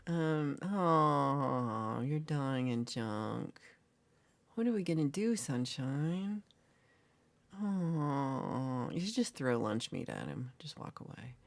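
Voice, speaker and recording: A woman's voice: extremely low pitch, big pitch swings, slow pace, creaky. A woman hosting a casual livestream, playfully reading and answering chat comments and teasing her viewers. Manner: jokey and teasing. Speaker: livestream host.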